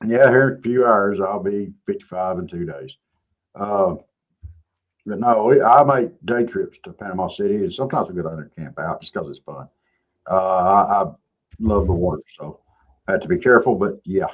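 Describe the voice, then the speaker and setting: A man's voice: low voice, normal speed, lo-fi sound. A man, co-hosting a casual chat show and telling laid-back, joking stories. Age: 50s. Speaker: show co-host.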